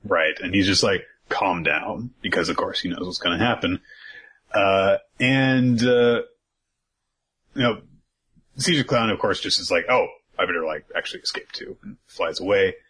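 A podcast co-host casually recaps an episode, rambling with lots of fillers and dropping swear words freely. His low, somewhat bright, husky voice moves at a moderate pace, and the recording is rough.

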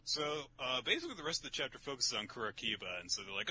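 A man chatting through a manga recap in a bright, forceful voice that rides over a lively, wide pitch range. He swears freely and keeps popping into high, mocking character voices. A faint ambient hum sits behind him. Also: very fast, few pauses. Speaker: podcast co-host recapping manga chapters. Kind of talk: casual chat.

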